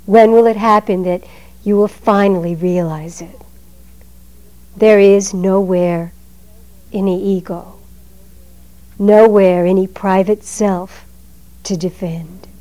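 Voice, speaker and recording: A woman giving a Zen dharma talk in a measured, emphatic way, letting her phrases trail off softly. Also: mid-range voice, steady tone, rough recording.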